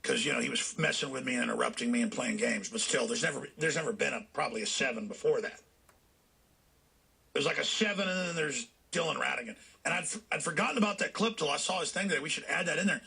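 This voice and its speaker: A man hosting a talk show, delivering a fiery political rant that swings into shouting. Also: medium pitch, fast, creaky, breathy edge.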